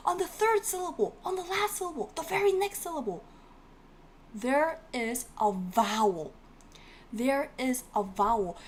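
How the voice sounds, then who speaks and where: A woman's voice: sits high, slight background noise. Upbeat woman teacher drilling words. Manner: encouraging, repeats words for drilling; laughs often, playful asides. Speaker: language teacher. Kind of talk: live-streamed online class.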